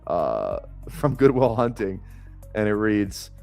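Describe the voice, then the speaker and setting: A man's voice: fairly low pitch, wildly swooping pitch, slow pace, gravelly, a little mellow, soft background music. A man streaming fantasy football drafts live, chatting casually in a rambling way, swearing freely and chuckling often.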